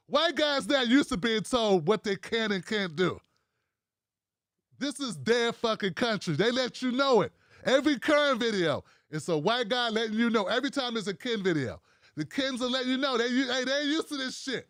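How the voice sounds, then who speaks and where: A man's voice: extremely high pitch, expressive, moderate pace, fairly bright tone, no echo, studio quality. A man hosting a livestream, giving profane, mocking commentary full of rhetorical questions. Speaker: show host.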